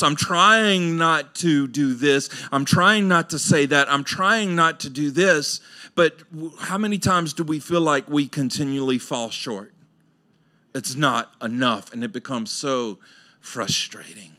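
High, bright-voiced preaching pastor. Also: male voice, measured pace. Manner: animated preaching, swinging from loud high exclamations to low quiet asides; colloquial, acts out listeners' voices, laughs often. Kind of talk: sermon. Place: church sanctuary.

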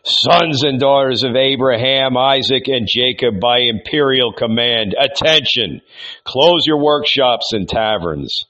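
A man's voice: a little slow, pushed and bright, dull audio. A man reading aloud, voicing a skinny town crier who shrilly proclaims an imperial order. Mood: proclaiming. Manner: shrill, declaiming.

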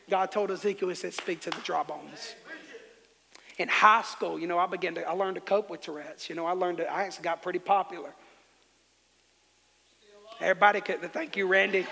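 A man's voice: high-pitched, steady tone, a little fast, gravelly, long pauses, pushed and bright, long reverb tail. A man preaching a sermon as pastor, fervently telling the congregation how to respond. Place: church sanctuary.

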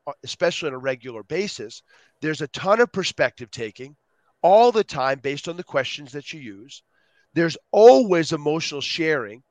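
A man on a podcast as a guest, talking with energy and acting out quotes in lively voices. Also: fairly high pitch, no echo. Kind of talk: animated interview talk.

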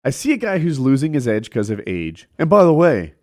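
A man chatting casually about politics on a podcast, animated and laughing easily. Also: mid-range voice, a little fast. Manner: animated, laughs often, trails off.

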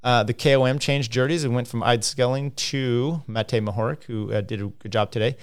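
Guy chatting on a cycling stream, smooth clear voice, kinda rambly, lots of ums. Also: mid-range voice, fairly even intonation, a little fast. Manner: rambling, many fillers and restarts. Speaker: cycling livestream host. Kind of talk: casual live commentary reading viewer comments.

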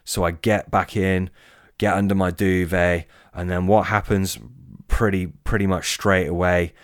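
Halting, swearing man telling a story. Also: deep voice, level tone, clear, resonant tone, no room sound, clean studio sound. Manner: swearing, halting with many restarts. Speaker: storyteller guest. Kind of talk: casual spoken ghost story.

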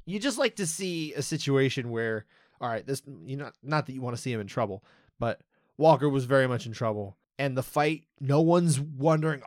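A man's voice: medium pitch, expressive, darkish tone, no room sound. Guy cohosting a podcast, chatty and joking, dry close mic. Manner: chatty, quick asides, laughs easily. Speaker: podcast co-host. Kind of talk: casual chat.

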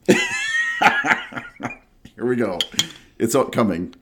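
A man's voice: mid-range voice, huge pitch swings, drawn-out words, over a noisy crowd. A man co-hosting a podcast in casual chat, joking and reading a label aloud. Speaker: podcast co-host.

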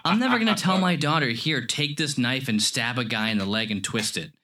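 Chatty man telling a lively story. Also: medium pitch, brisk. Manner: animated storytelling, laughs often. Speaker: podcast co-host. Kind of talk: casual movie review chat. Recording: lo-fi podcast audio.

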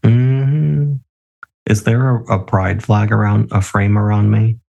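A podcast co-host, a little tipsy, joins a casual show over a remote call recording, swearing freely and laughing often. His lowish voice is fairly even and slow, with vocal fry and a slightly mellow quality.

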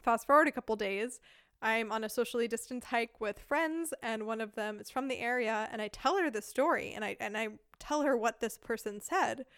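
Woman in her 30s from the us, guest on a podcast, chatty story with lots of laughs, higher voice, really clear tone. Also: moderate pace, no echo, studio quality. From United States. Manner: lively storyteller, laughs often. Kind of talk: casual anecdote telling.

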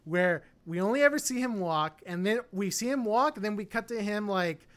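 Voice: mid-range voice, expressive, moderate pace, fairly bright tone. A co-host talks through a film review in loose, casual chat. The speech is full of fillers and restarts. The opinions come out blunt and unhedged. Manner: rambling, many fillers and restarts. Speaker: podcast co-host.

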